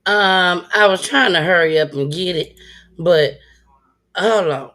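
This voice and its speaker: Bright-voiced laughing woman streamer. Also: on the low side, unhurried, faint music behind. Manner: laughs often, animated, greets chat by name. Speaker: live-stream commentary host. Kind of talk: casual live-stream chat.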